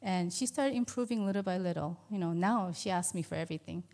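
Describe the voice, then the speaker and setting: A woman's voice: on the low side, fast talker, a little mellow. A woman in her fifties giving a personal church testimony as an adoptive mother, earnest and conversational with many fillers. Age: 50s.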